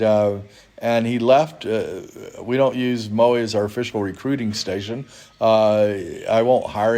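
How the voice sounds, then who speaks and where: Halting, earnest man sharing ministry news. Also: fairly low pitch, a little mellow. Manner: halting, many restarts, grows emotional. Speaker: ministry leader. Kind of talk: informal spoken appeal. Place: hotel in Uganda.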